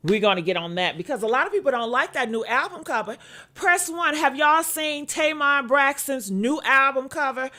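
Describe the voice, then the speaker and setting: A woman hosting a live-stream celebrity gossip vlog, sassy and animated, calling her viewers honey. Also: high voice, moderate pace. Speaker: gossip vlogger. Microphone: earpiece.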